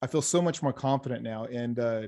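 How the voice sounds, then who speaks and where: A man speaking in a casual interview, an enthusiastic hypnotherapist who tells client stories with lots of energy. He acts out both sides of conversations and often stumbles and restarts his sentences. His pitch sits in an ordinary middle range. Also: a little fast. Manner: animated storyteller, acts out quoted dialogue, frequent restarts. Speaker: hypnotherapist, program graduate.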